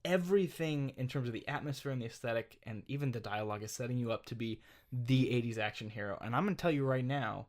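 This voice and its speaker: A man co-hosting a gaming podcast in casual chat, voice sitting at an ordinary middle pitch. He talks animatedly and breaks into laughter often. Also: fast. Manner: animated, laughs often, quotes game lines in mock voices. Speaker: podcast co-host.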